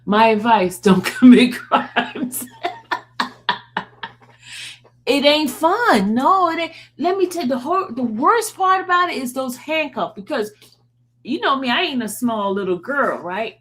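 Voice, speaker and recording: A woman's voice: high voice, animated, fairly bright tone. A woman hosting a live stream in casual chat, joking, laughing often and talking to viewers in the chat by name. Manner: drawn-out yawns and sighs. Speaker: livestream host.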